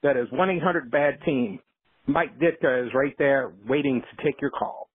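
A man calling in with a sarcastic mock infomercial, delivered in a steady pitchman manner. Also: moderate pace, breathy edge. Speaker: caller. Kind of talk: mock ad read. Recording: tinny phone line.

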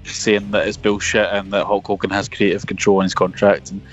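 A man's voice: lowish voice, flat delivery, a little fast, soft background music. A man co-hosting a casual wrestling podcast from his parked car, jokey, self-mocking and sweary. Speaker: podcast co-host. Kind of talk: casual chat. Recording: dull, lo-fi remote call.

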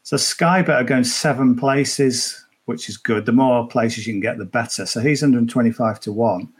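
This is a man talking through his golf betting picks in a loose, chatty way. His voice sits at an ordinary middle pitch, and he rambles and circles back on himself as he goes. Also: normal speed, husky. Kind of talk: casual podcast chat.

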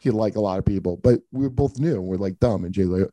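A man's voice: low voice, fast, dark tone, no room sound. A middle-aged man, a comedian hosting a podcast, telling profane, rambling anecdotes full of restarts in casual chat.

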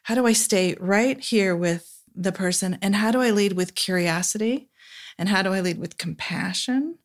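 A woman's voice: mid-range voice, moderate pace. A woman therapist as a guest in a conversation, speaking reflectively and often checking in with "right?". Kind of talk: casual podcast conversation.

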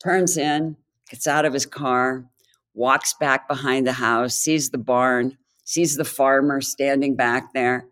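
A woman's voice: extremely low pitch, fairly even intonation, takes it slowly, fairly bright tone. An older woman from Pennsylvania, a podcast guest chatting candidly and telling stories with wry humor. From Pennsylvania, United States. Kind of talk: casual chat.

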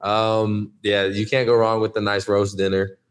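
A man in his twenties, a podcast guest, chatting in a relaxed way and often saying "like". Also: on the low side, moderate pace, clean tone. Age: 20s. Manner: relaxed, lots of "like" fillers. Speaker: podcast guest, college athlete. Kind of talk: casual interview chat.

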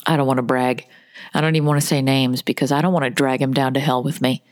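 A woman's voice: a bass voice, fast talker. A woman co-hosting a comedy podcast, chatting casually and joking, often slipping into silly voices. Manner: animated, joking, breaks into voices. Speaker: podcast co-host.

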